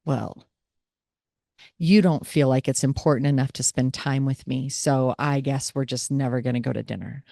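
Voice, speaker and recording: A woman voicing her elderly mother as a critical, self-satisfied figure, in a slightly lowered, gravelly voice. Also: fairly even intonation, moderate pace, warm tone, no room sound, studio quality. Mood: grumbling.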